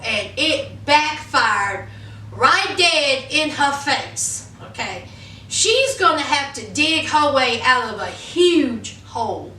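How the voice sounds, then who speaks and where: A woman's voice: sits high, roomy sound, recorded from a distance. A woman talking casually and sassily to her viewers as she recaps a reality show episode. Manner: animated, sassy, talks straight to viewers.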